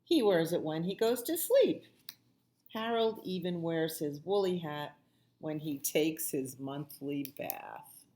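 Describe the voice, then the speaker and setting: A woman librarian reading a picture book aloud at children's storytime, with soft asides to the kids. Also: low voice, lively intonation. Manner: slow, sing-song, with soft asides to the children.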